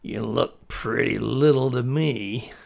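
A hidden monster that taunts a little girl in a slow, drawn-out voice with a menacing lilt, as a storyteller puts it on. The voice is gravelly and creaky, and every word is stretched out for effect. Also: medium pitch, exaggerated voice. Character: menacing deep-voiced monster hiding in a cloakroom.

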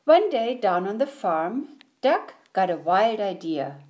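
A woman reading a picture book aloud in an expressive, sing-song storytelling manner. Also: medium pitch, slow. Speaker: storybook reader.

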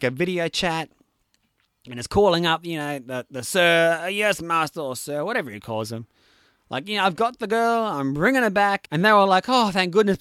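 A young man with a high, light voice tells a story in a loose, animated ramble, full of "like" and "you know." His voice rises and falls as he talks. The recording is dry, with no room sound. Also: no echo. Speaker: podcast talker recapping films. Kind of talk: casual chat.

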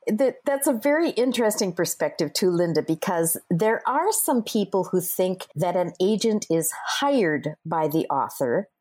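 A woman's voice: fairly low pitch, expressive, normal speed, few pauses, a little mellow. A woman guest, an author and literary agent, who explains her views thoughtfully in an interview. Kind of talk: conversational interview.

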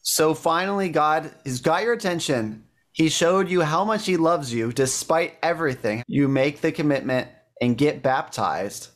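A man interviewing a guest, asking calm, measured questions. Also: fairly high pitch.

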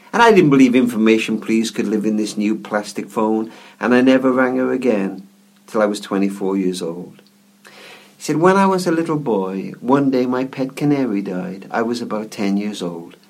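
A man, a guest author and speaker, telling a story in an interview in a gentle, reflective way, often repeating words as he goes. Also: mid-range voice.

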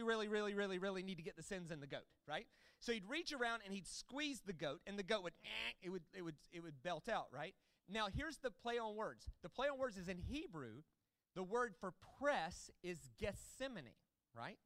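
A man preaching a sermon, teaching with animated delivery that swells into loud proclamations. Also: sits high, no echo. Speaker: pastor.

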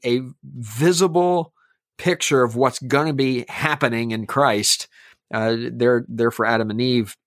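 A man's voice: mid-range voice, a bit bright, no echo, clean studio sound. A man who is a pastor, talking earnestly and emphatically in a podcast conversation.

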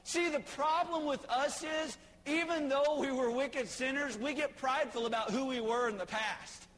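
A man preaching a sermon in a church, swinging between shouted points and quiet, dropped asides. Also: very high voice, normal speed. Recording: long hall reverb, faint noise.

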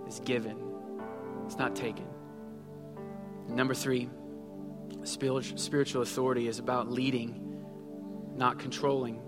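A man in his thirties preaching a sermon in a conversational way, acting out little quotes as he goes. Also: mid-range voice. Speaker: pastor. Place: church sanctuary. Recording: long hall reverb with faint music.

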